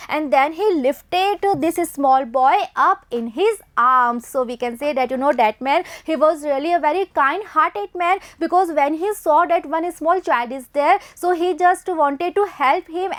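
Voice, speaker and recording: High-voiced woman teacher. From India. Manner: reads a passage then explains it slowly, with many "you know" and "okay". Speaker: English teacher. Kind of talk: explaining a story text to students.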